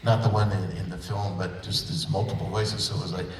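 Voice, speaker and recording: An older voice actor tells stories on a convention panel, rambling, playful, and self-deprecating. His deep voice has a flat delivery and brisk pace, and the audio is very noisy, echoing through the auditorium from a distant mic.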